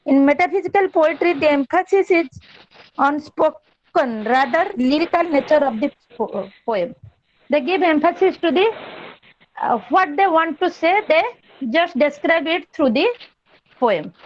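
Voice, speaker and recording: A woman with a high-pitched, animated voice gives an online lecture, explaining in a measured way and circling back over key terms. The audio is dull and lo-fi, like a video call, with a faint hiss underneath.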